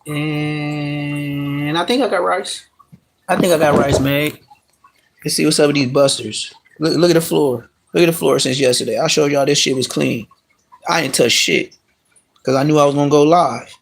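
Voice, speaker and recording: A man's voice: a little high, fairly even intonation, normal speed, creaky. A man chatting casually on a phone live stream at home, rambling and full of slang and swearing. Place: at home with his dogs.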